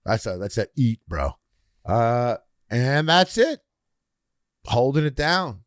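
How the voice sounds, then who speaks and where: A Canadian man telling a chaotic story on a podcast, his voice neither high nor low. He swears freely and slips into the voices of the people he quotes. The sound is close and dry, with no room echo. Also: sing-song, takes it slowly. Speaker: podcast co-host. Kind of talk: casual storytelling chat.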